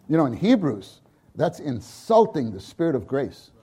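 Animated man preaching a sermon. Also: normal speed, slightly rough. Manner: animated, acts out quotes with loud high bursts; frequent restarts and repeated words. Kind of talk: sermon on scripture.

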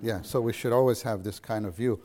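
A man's voice: fairly low pitch, brisk, mellow. A middle-aged man teaching a church lesson to a gathering, earnest and repeating phrases for emphasis.

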